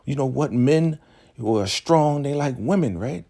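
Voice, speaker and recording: A man voicing a flustered, fawning older woman in a high falsetto while recapping a drama. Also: animated, a little slow, gravelly, dark tone.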